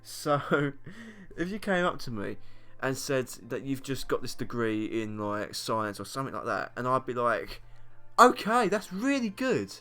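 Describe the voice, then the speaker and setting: Rambling young British YouTuber. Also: male voice, mid-range voice, unhurried, fairly bright tone, clean tone, faint music behind. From Britain. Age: young adult. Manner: rambling, self-mocking, frequent laughs and fillers. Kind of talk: casual vlog monologue.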